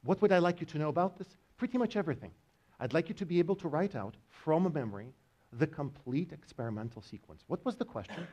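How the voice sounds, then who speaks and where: Animated male biology lecturer. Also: on the high side, fast talker, dull audio. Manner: animated, joking with students. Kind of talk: university lecture. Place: lecture hall.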